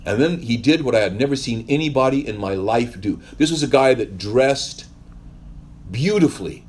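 A man's voice: medium pitch, lively intonation, normal speed, darkish tone, slightly rough. A male pastor giving a conversational sermon, telling stories in a rambling way with wry asides.

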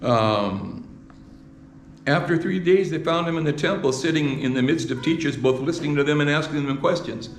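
A man's voice: fairly high pitch, normal speed. A man preaching a sermon, who often repeats words and asks his listeners rhetorical questions, in a church. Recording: echoey hall with faint ambience.

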